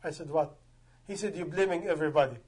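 High-voiced male preacher, emphatic. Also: quick pace, darkish tone. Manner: emphatic, rhetorical questions, non-native grammar. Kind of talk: sermon.

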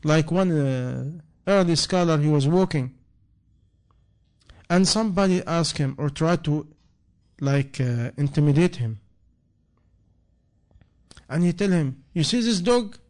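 Man, preacher, slightly high voice, repeating phrases with rising emphasis. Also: slow, long pauses, a little mellow. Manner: non-native English, impassioned repetition, rising emphasis. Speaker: imam. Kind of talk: sermon answering a question.

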